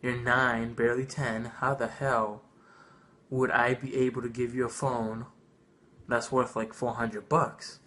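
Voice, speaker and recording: A man's voice: mid-range voice, flat delivery, unhurried, pushed and bright. A man voicing a stern, blunt mother. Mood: firm. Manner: firm, blunt. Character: stern, no-nonsense mother scolding her son.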